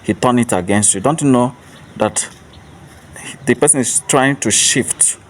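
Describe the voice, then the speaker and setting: A man's voice: medium pitch, unhurried. A man giving an earnest motivational monologue as a self-help speaker, repeating rhetorical questions. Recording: distant mic with faint traffic noise.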